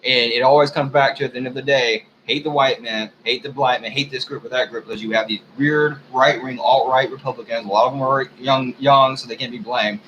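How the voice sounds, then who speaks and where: An American man in an angry, unscripted rant, talking heatedly and profanely and often clearing his throat. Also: medium pitch, steady tone, a little fast, few pauses, a bit bright, lo-fi sound, slight background noise. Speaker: video blogger.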